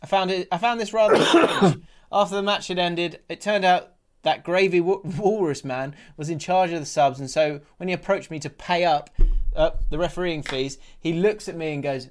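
A man's voice: high-pitched, normal speed. A man co-hosting a football podcast, chatting casually and laughing as he reads listener messages aloud. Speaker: podcast co-host. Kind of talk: casual chat.

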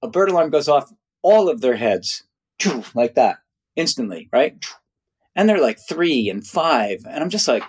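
A man in a conversational interview, spinning long stories in a loose, chatty way full of "you know" and "right". His voice sits at an ordinary middle pitch but leaps far up when he acts out other people's words. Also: brisk, breathy edge. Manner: animated storyteller, acts out other voices with big pitch jumps. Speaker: interview guest, nature mentor.

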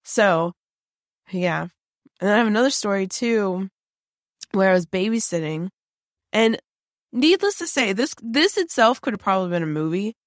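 A woman tells a creepy story from her own life in a loose, chatty way, with lots of fillers and restarts. Her voice sits at a middle pitch. The sound is close and dry. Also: animated, moderate pace, long pauses, dry recording. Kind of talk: casual spooky storytelling.

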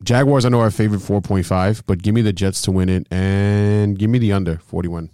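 A man's voice: on the low side, fairly even intonation, brisk, warm tone, smooth, no room sound, clean studio sound. A man co-hosting a fantasy football podcast, chatting casually and rambling, repeating himself as he talks.

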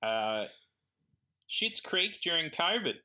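A male podcast co-host chatting casually. His voice is bright and bouncy, and he laughs easily. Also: on the high side, slow. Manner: laughs often, animated. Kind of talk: casual chat.

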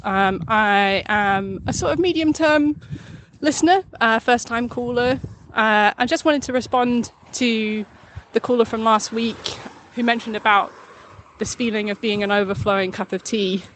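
A woman leaves a voice message for a podcast, talking hesitantly and reflectively with frequent ums and pauses. Her voice sits at a middle pitch, with a faint hiss of noise behind it. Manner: hesitant, reflective, many fillers. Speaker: caller leaving a voice message.

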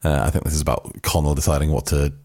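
A man's voice: extremely low pitch, flat delivery, fast, a little mellow. A man chatting casually on a podcast, making dry, wry remarks. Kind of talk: casual chat.

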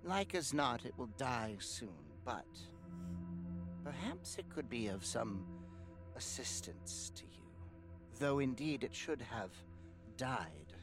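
A man's voice: mid-range voice, big pitch swings, faint music behind. A man voicing a cold, contemptuous insect queen. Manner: contemptuous, measured and aloof. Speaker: game master.

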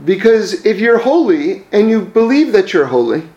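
High-voiced man telling teaching stories. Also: sing-song, normal speed, mellow, reverberant, highs cut off. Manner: conversational, with frequent fillers and self-corrections. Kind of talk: storytelling religious lesson.

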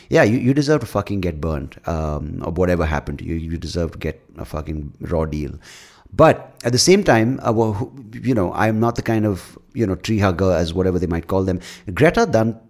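Deep-voiced man ranting bluntly. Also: darkish tone. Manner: profane, blunt and opinionated; rambling with many fillers and restarts. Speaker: podcast host. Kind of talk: solo podcast rant.

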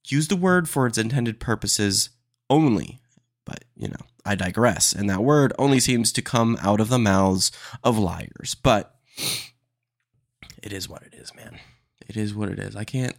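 A man hosting his own podcast, ranting in a casual, animated way and calling listeners "dude" and "man". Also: lowish voice, dry recording, studio quality. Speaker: podcast host. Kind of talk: solo casual podcast rant.

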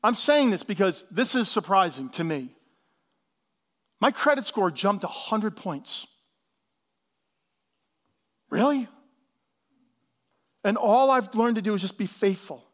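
A man's voice: high voice, expressive, measured pace, pauses often, a bit bright. A male pastor giving a sermon in a casual, conversational way, with slangy asides.

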